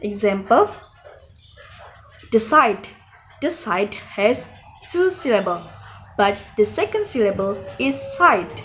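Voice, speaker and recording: A woman's voice: mid-range voice, very animated, unhurried, fairly bright tone, a little hiss or hum, low-quality recording. A woman with an Indonesian accent presenting a class lesson, reading rules and examples step by step. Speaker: student presenter.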